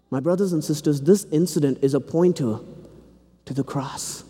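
A man's voice: fairly high pitch, moderate pace, warm tone, slightly rough. A man from India preaching a sermon in a seminary chapel, with earnest, rising, fervent appeals. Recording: long hall reverb.

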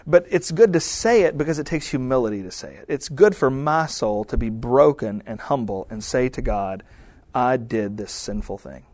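A man's voice: mid-range voice, expressive, normal speed, few pauses, a little mellow, dry recording. A married man preaching a sermon in a conversational style, often acting out quoted prayers and remarks. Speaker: pastor.

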